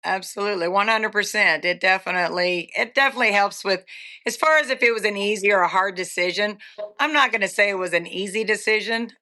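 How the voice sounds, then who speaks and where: A middle-aged woman with a bright, forward voice talks candidly as a podcast guest. She sounds upbeat and relaxed in conversation and drops in the odd "um" as she thinks. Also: medium pitch, fast. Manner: candid and upbeat, with filler ums. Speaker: guest, rodeo stock contractor. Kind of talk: casual interview talk.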